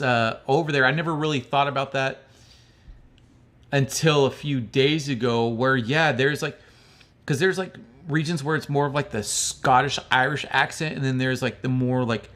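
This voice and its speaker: A man's voice: medium pitch, fairly bright tone. A man from the United States hosting a livestream, reading out viewer chat and answering in a loose, rambling, friendly way, calling people bro. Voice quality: calls his own speech hick-like.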